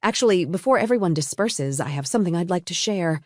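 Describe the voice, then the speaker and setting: A woman voicing a composed young woman who calmly confronts a betrayal, her tone cool and pointed. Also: fairly low pitch, fast, no echo, studio quality, lightly acted. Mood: cold. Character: calm, cutting young woman exposing a cheater.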